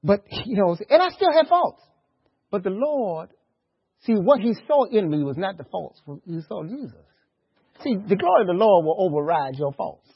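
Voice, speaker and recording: A male pastor preaching a sermon, swinging between hushed asides and loud, lively outbursts. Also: sits high, moderate pace, creaky, slightly rough, dull audio.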